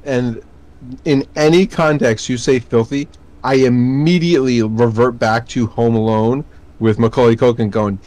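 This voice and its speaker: A man with an average-pitched voice co-hosting a relaxed podcast. He tells stories in a chatty way and laughs easily between his lines. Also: moderate pace. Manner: chatty storyteller who laughs often. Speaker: podcast co-host. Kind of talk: casual chat.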